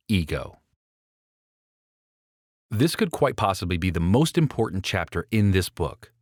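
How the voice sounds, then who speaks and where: In a low voice captured with clean, dry studio sound, a man reads his own book aloud for an audiobook. His narration is persuasive and addresses the listener directly.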